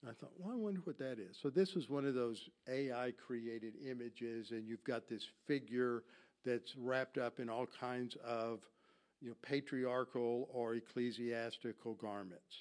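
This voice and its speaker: A man's voice: medium pitch, little pitch movement, measured pace, darkish tone. A man giving a Bible lesson from slides, explaining Greek grammar and asking his audience questions that he then answers himself. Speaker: Bible teacher. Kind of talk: classroom lecture with slides.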